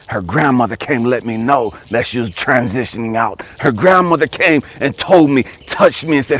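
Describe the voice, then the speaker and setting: A man, a life coach, telling a personal story dramatically, jumping from excited high bursts to hushed, whispery lows and urging listeners to stay with him. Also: normal speed, few pauses. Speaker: life coach and motivational speaker.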